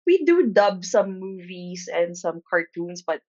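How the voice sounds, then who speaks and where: A woman's voice: lowish voice, big pitch swings, measured pace, a little mellow, dry recording. A woman from the Philippines with a Filipino accent, explaining things conversationally as a podcast guest. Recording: slightly dull, lo-fi sound.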